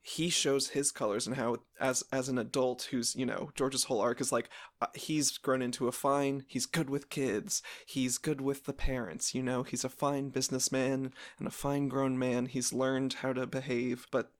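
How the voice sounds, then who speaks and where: Gravelly dude on a podcast, long points, lots of ums. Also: male voice, medium pitch, little pitch movement, normal speed. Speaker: podcast co-host. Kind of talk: casual podcast discussion.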